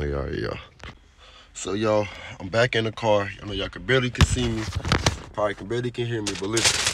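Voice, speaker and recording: A young man hosting a casual vlog, talking to his viewers in an excited, slangy way from his car. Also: fairly low pitch, background noise. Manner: hyped, slangy, addresses viewers as y'all. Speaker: vlogger host. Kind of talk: casual vlog talk to camera. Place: in a parked car.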